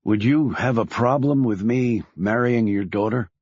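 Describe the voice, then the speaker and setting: A man voicing a nervous grown man who speaks hesitantly and haltingly. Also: mid-range voice, darkish tone, husky, no echo. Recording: dull lo-fi recording.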